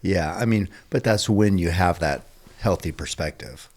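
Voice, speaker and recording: A man as a podcast guest, speaking earnestly and haltingly as he searches for his words. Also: low-pitched, darkish tone. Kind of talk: casual conversation.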